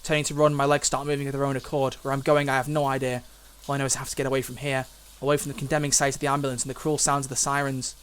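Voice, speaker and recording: A young man streaming, reading a visual novel aloud and breaking off into emotional, loud reactions. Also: mid-range voice, flat delivery, rapid-fire, hardly any pauses, clean tone. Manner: emotional, swings from hushed reading to loud exclamations.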